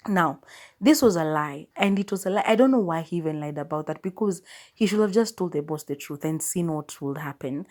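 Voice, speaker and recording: Kenyan woman, young adult, podcast host, casual film review, chatty, slightly low voice. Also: a little mellow. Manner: chatty, retells scenes with quoted lines and laughs.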